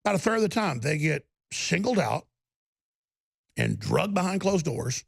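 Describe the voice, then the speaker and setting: A man with a deeply gravelly, husky voice rants through a talk-show monologue. His pitch swings widely as he talks, and he keeps erupting into angry shouts. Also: huge pitch swings, normal speed, no echo, studio quality. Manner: impassioned, bursts into angry shouting. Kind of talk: ranting monologue.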